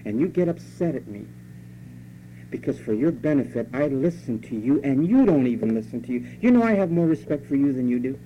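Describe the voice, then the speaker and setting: In a dull, lo-fi recording with faint hum, a male pastor chides his congregation in a conversational sermon, imitating their complaints. He speaks in a mid-range voice with lively intonation, a little fast.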